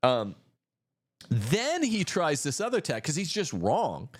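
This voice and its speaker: A man's voice: fairly high pitch, wildly swooping pitch, takes it slowly. Combative male livestream host. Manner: combative, mocking. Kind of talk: livestream commentary.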